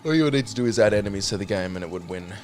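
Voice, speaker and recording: A man's voice: lowish voice, animated, racing, slight background noise. A British man streaming a game, chatting casually, swearing and joking as he reads chat aloud. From Britain. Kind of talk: casual gaming commentary. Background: background music.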